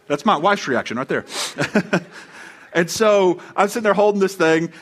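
A man's voice: sits high, animated, normal speed. A middle-aged man preaching a sermon to a live congregation, telling a personal story with humor and acting out voices when he quotes people. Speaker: pastor. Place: church before a live congregation.

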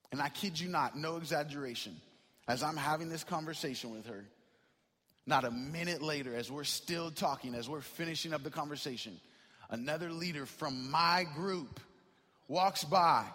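A man's voice: fairly high pitch, pushed and bright, husky. A man preaching a sermon as a pastor, telling a personal story in a conversational way that builds to impassioned emphasis. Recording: long hall reverb.

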